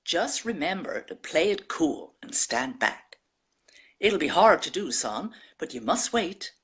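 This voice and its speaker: British lady putting on a slow drawly american dad, fatherly, kinda husky. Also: low voice, big pitch swings, full character voice. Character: old American fisherman dad giving advice.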